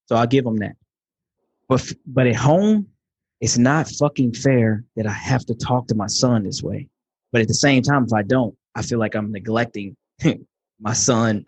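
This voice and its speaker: Passionate, husky-voiced man in middle age. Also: mid-range voice, no echo. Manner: passionate, profane, emphatic. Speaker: podcast guest. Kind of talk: casual podcast conversation.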